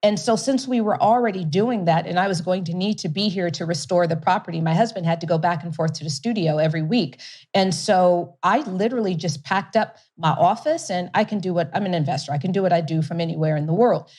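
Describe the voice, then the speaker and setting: A woman being interviewed as a guest, telling a story in an animated way, laughing often and repeating words for emphasis. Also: fairly low pitch, brisk. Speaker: guest, company CEO.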